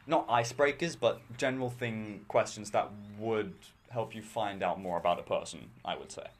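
A teenage boy from Australia co-hosting a casual podcast chat, relaxed and self-deprecating, with some hesitant restarts. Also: fairly low pitch, moderate pace. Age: teens. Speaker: podcast co-host.

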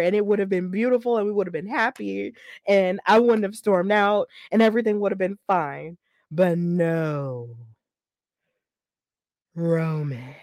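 A woman hosts a wrestling podcast in casual chat. She talks in an animated, emphatic way, repeating lines to drive her point home. Her voice sits at a middle pitch in a dry, close recording. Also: no echo. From Alabama. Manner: animated, emphatic and repetitive, venting frustration. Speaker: podcast host.

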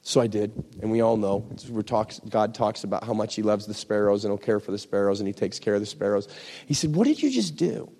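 A man's voice: on the low side, completely flat delivery, brisk, dark tone. A man preaching a sermon with impassioned, emphatic declarations. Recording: long hall reverb.

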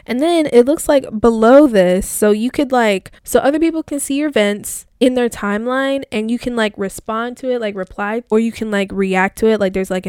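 A woman's voice: fairly high pitch, a little mellow, clean tone, dry recording. Chatty young woman, dry close sound. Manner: chatty, filler-heavy, rambling. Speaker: vlogger. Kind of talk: casual chat reading old diary posts.

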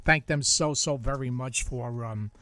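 An older man with a Bronx, New York accent hosts a radio show from the studio, chatting and joking and telling stories with easy laughter. His mid-range voice is unhurried, bright, and forceful, with no room sound.

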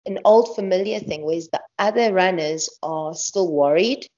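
A woman talks freely in an interview, lower-pitched than most women, and she laughs often and restarts her sentences. The audio is muffled and lo-fi. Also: normal speed, mellow. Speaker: guest ultramarathon runner. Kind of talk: casual interview talk. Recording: dull lo-fi podcast audio.

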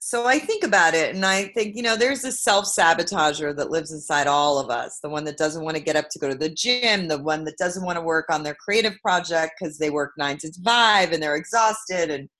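A woman from Brooklyn, New York, with a lowish voice, recounting her own story as a guest. She is lively and expressive, punching key words loudly, then dropping into near-quiet asides. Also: fairly quick, hardly any pauses. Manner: expressive, swings between loud emphasis and hushed asides. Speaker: guest, author. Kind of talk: animated personal storytelling.

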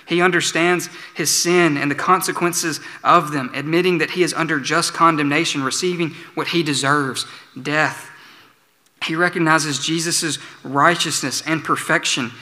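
A man preaching a sermon as pastor, earnest, slowing for emphatic pleas. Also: on the high side, fairly even intonation, pushed and bright. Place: church sanctuary. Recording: church sanctuary with long reverb.

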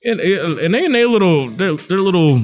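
A high-pitched man in his thirties hosts a casual podcast, swinging his voice wildly as he acts out what others said. He swears freely and keeps it loose. Faint music sits behind him. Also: lively intonation, moderate pace. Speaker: podcast host. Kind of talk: casual storytelling chat.

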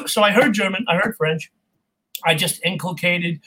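A man from California, a voice actor, chatting as an interview guest in an animated, jokey way. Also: high-pitched, slow, pauses often, slightly rough, rough recording. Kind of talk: casual interview chat.

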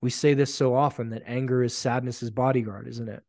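A man's voice: mid-range voice, steady tone, a little fast, a little mellow, no echo. Blunt, profane man on a dry mic. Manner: blunt, profane, emphatic storytelling. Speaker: podcast host. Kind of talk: solo podcast monologue.

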